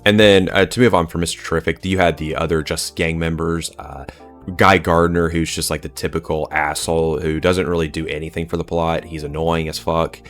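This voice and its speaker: A man with a very low, deep voice delivers a scornful film review, swearing freely and cutting down what he dislikes. Soft music plays faintly behind him. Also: little pitch movement, fairly quick. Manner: blunt, profane and scornful. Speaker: movie reviewer.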